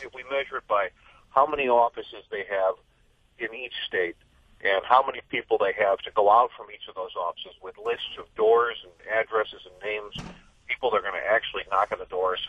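A man's voice: on the low side, dry recording. A middle-aged man, a political correspondent, explaining things in an interview and restarting his sentences often, heard over a telephone line. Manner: fluent but full of restarts and "I mean". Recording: husky tinny phone line.

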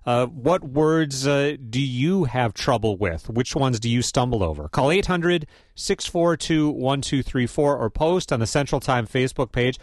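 A man hosting a radio call-in show, asking questions in a relaxed, friendly way. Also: medium pitch, a little slow, hardly any pauses, no echo, clean studio sound. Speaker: radio host.

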